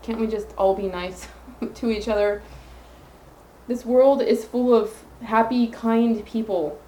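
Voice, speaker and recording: A woman's voice: fairly high pitch, steady tone, takes it slowly, dark tone, reverberant, slight background noise, poor audio. A woman hosting her own podcast alone, talking earnestly into her phone and rambling through self-affirmations. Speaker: podcast host. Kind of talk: solo podcast monologue.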